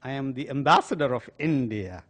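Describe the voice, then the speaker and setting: A man's voice: medium pitch, expressive, moderate pace, a bit bright. A man doing a boastful crook. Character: boastful male crook posing as envoy.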